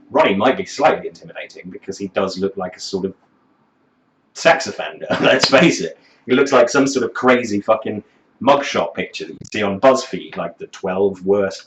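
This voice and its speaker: A man with a low voice tears into a song in a scornful, profanity-laced commentary. The sound is roomy and a little dull, like a home recording bouncing off bare walls. His tone stays dry and mocking throughout. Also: a little hiss or hum. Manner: sardonic, scornful, swearing freely. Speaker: music reviewer.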